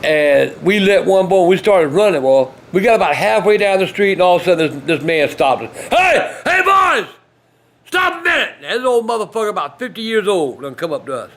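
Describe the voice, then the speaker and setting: An older man telling stories in a foul-mouthed, blustering way that often breaks into shouting. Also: sits high, expressive, fast, few pauses. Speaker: storytelling vlogger. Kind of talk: profane storytelling.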